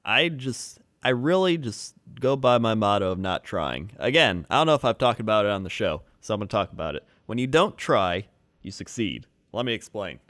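Deadpan joking podcast co-host. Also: male voice, fairly low pitch, normal speed, no echo, clean studio sound. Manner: deadpan joking, mock explanations. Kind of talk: casual comedic chat.

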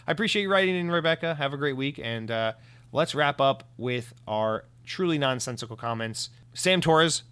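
Animated and clear, a man with a medium-pitched, fairly bright, resonant voice hosts a casual solo podcast at a normal speed. He chats his way through listener comments, rambling, fixing his own words, and dropping the occasional swear.

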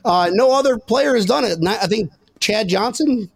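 A young man hosting a sports podcast, excitable and joking as he argues his picks and talks over the others. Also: high voice, moderate pace, creaky. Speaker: podcast host. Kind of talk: casual sports banter.

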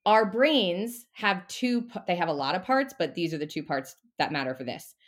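A woman talking as a mindset coach in a casual podcast interview, animated and a little profane. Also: on the low side, moderate pace.

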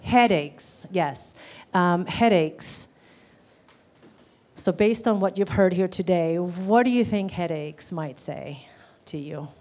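Soft-voiced woman teaching a class. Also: fairly low pitch, slow. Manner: conversational, questions to the audience, many "um"s and "right?". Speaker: gestalt therapy teacher. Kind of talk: live class lecture.

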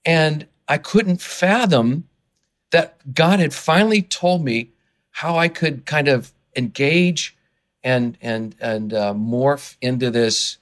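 A man, an author and guest on a podcast interview, who gets excited and worked up as he talks, often restarting his sentences. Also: mid-range voice, slow.

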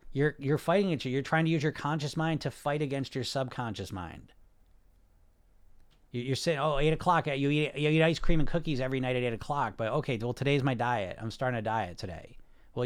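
Male podcast host, fairly high voice for a man, blunt and profane, pushes his point with rhetorical questions. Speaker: podcast host, hypnosis weight-loss coach. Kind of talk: casual podcast monologue.

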